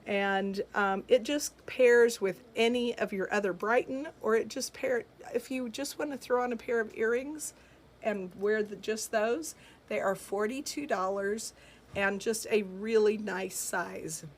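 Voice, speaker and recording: Her mid-range voice holds a steady tone and moves a little slowly, with a bit of hiss or hum in the audio. She hosts a live jewelry shopping stream from her shop, staying upbeat and chatty, responding to viewers and often laughing or using fillers.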